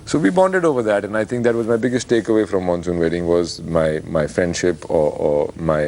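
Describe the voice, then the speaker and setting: A young man from India, an actor chatting as an interview guest, telling animated stories and often stumbling over repeated words. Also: low-pitched, brisk, a little hiss or hum. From Haryana, India. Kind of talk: casual interview chat.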